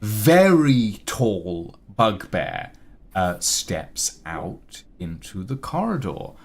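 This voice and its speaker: Slow, relaxed male game master, animated pitch, filler-heavy. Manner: relaxed, unhurried, full of fillers. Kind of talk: narrating a tabletop game.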